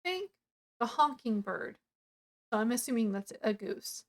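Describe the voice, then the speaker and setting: A woman's voice: a little high, lively intonation, measured pace. A woman casually reviewing a book, retelling the plot in a rambling way with lots of fillers.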